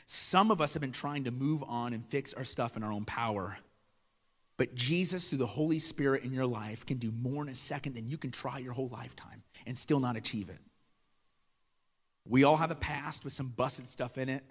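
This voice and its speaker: A middle-aged pastor from Iowa, preaching a conversational sermon, asking the crowd questions and acting out dialogue. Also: male voice, medium pitch, moderate pace. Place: church hall. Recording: long reverb of a large church hall.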